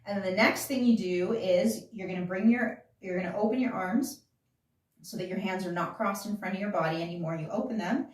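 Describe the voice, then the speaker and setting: A woman's voice: medium pitch, a little fast, recorded from a distance. Woman dance instructor, casual and chatty, counts beats aloud, recorded off-mic in a very echoey room.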